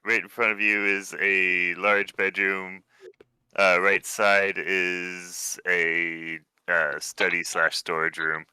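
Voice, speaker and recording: A man narrating a tabletop game as game master, describing rooms with relaxed, hesitant phrasing and many fillers. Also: low voice, slow pace, clean tone, no room sound.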